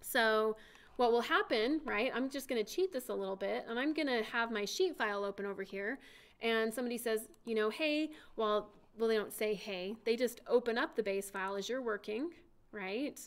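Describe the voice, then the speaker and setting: A woman with a slightly high voice leads a software class in a casual, chatty way. She talks through every click and keystroke as she works. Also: normal speed. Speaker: CAD instructor. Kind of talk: software demonstration lecture.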